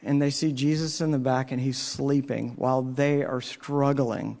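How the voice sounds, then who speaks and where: A man's voice: medium pitch, fairly even intonation, moderate pace, creaky, a little mellow. A man preaching a sermon in an earnest, storytelling way, his voice rising on the questions he asks. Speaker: pastor.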